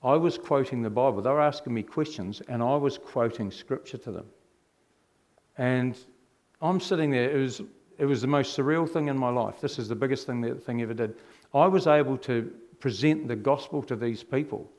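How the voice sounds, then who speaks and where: Middle-aged New man, mid-range voice, animated testimony speaker who throws rhetorical questions at the room. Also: medium pitch, moderate pace. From New Zealand. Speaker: speaker giving his testimony. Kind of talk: personal testimony storytelling.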